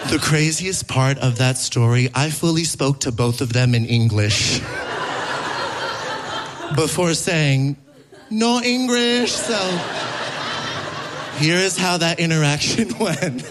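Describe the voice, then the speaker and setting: A man's voice: fairly high pitch, measured pace, background noise. A man performing a stand-up comedy set on a theater stage, telling stories animatedly and acting out other people's voices. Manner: animated storytelling, acts out voices. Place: theater stage with live audience.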